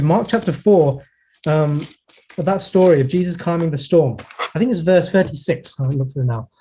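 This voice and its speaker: Earnest male pastor, mellow voice. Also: a little high, breathy edge. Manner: earnest, reflective preaching with pauses and slowed emphasis. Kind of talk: sermon. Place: church in Hong Kong.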